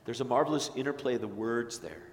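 A man's voice: medium pitch, animated, fast talker. A man preaching a sermon as a pastor, in an earnest, tender way. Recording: echoey church hall, faint noise.

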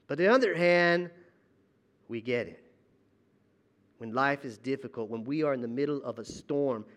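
A man pastor preaching a sermon in a church auditorium, dramatic, swinging between loud emphasis and hushed asides. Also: fairly high pitch.

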